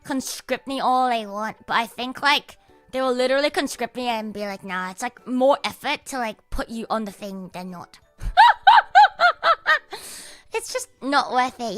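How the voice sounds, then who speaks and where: Lively woman chatting on stream. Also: fairly high pitch. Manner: rambling, filler-heavy, swearing, giggly. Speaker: livestreamer. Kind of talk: casual stream chat.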